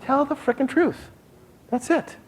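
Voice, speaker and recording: A middle-aged man teaching a live seminar, animated and constantly quizzing his audience. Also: very high-pitched, unhurried. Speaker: seminar speaker.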